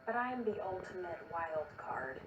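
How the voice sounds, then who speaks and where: A woman's voice: on the low side, lively intonation, moderate pace, close to an everyday voice. An actress playing a fierce young woman who coldly and defiantly threatens a rival in a TV drama. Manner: cold, defiant, menacing. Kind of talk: TV drama dialogue. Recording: distant, dull, roomy TV audio with noise.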